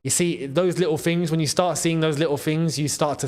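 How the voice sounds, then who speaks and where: A young man with a fairly high voice, commentating live on a football match for his channel. He talks to his viewers casually and swings from low mutters to excited shouts when the play heats up. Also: fairly quick. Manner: excitable, shouts at big chances and goals.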